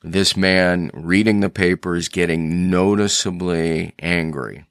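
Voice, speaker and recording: Podcast host, man, deep unhurried voice, earnest storyteller, close dry mic. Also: fairly even intonation, clean tone, dry recording. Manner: earnest storyteller, thinking aloud with restarts. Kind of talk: reflective solo podcast talk.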